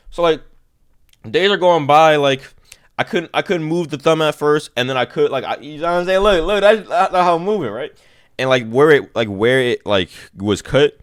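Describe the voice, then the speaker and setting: Talking to his stream chat in a slightly bright, mid-range voice, a young man spins out a lengthy story. He rambles in slang and says "you see what I'm saying" again and again.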